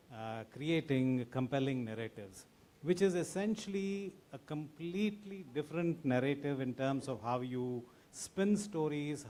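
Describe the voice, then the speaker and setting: A man's voice: mid-range voice, darkish tone. A man moderating a book fair panel, thanking the guests and asking them questions. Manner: courteous, polite questioner.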